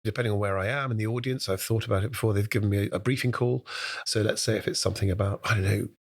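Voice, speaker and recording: A British man, a guest impressionist, telling stories in a brisk conversational interview and breaking into voices. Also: on the low side, fairly even intonation.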